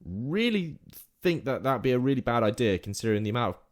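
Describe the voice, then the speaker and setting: A man's voice: medium pitch, sing-song, fast talker. A man co-hosting a casual podcast, telling a story in a rambling way and correcting his own slips. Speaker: podcast co-host.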